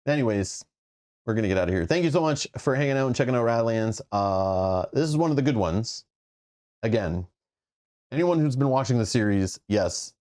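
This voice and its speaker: A man's voice: mid-range voice, expressive, normal speed, darkish tone. A man from Southern Ontario hosts a casual board game stream. He rambles and jokes, reading viewer comments aloud in an easygoing, conversational way. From Southern Ontario, Canada. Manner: joking, rambling, reads chat comments aloud. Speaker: board game channel host.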